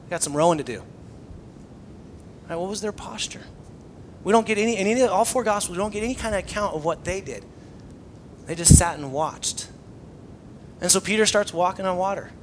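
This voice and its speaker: A man's voice: high voice, moderate pace, pauses often, a little hiss or hum. A man preaching a conversational sermon, acting out scenes with lots of energy. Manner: conversational, animated, acts out scenes. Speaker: pastor.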